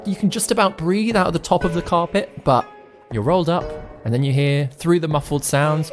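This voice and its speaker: A man's voice: fairly high pitch, brisk, hardly any pauses, over music. A man running a tabletop game as game master, narrating casually with laughs and restarts.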